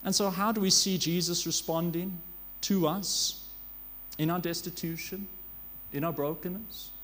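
A man's voice: high-pitched, fairly even intonation, a little slow, fairly bright tone. A man preaching a sermon in an earnest manner, asking rhetorical questions and sometimes correcting himself as he goes.

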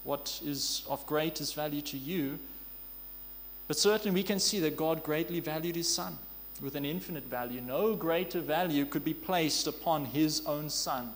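A man preaching a sermon in an earnest way, asking rhetorical questions and drawing out key words slowly. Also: a little high. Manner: earnest, rhetorical questions, slow emphatic stresses. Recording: long hall reverb.

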